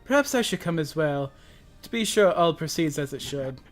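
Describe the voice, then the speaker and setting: A man's voice: on the high side, lively intonation, moderate pace, faint music behind. A man reading video game dialogue aloud as a streamer, earnest and stumbling over names.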